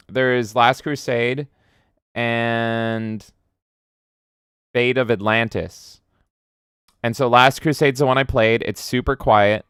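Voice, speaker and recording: Excitable swearing male streamer, clear dry voice. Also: mid-range voice, slow, pauses often, no room sound. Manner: excitable, swears, jumps into loud silly voices. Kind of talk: casual live-stream chat reading viewer comments.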